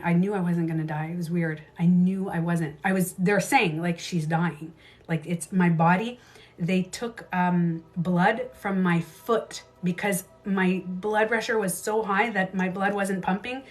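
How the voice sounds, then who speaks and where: Candid, swearing woman telling life stories. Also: lowish voice. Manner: candid, swears freely, animated retelling with quick asides. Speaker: beauty coach livestream host. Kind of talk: casual livestream storytelling.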